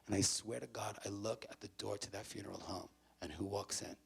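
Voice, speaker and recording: A gravelly-voiced man works a student crowd as a motivational speaker. He swings from hushed, near-whispered stretches to loud, punchy lines. The talk is live in a university auditorium. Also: lowish voice, steady tone, brisk. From the Bronx, New York.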